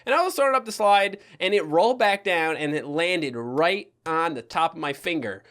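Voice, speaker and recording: This young Newfoundland man, a YouTuber in his twenties, has a slightly high, expressive, fairly bright voice and a moderate pace. Joking casually with the occasional swear, he recounts a story from his childhood.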